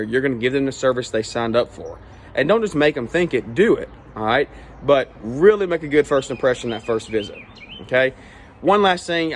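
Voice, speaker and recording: In a casual vlog, a man with a mid-range voice who owns a small lawn care company dispenses straight-talking advice. He caps his points with "all right?" and "okay?" over slight background noise.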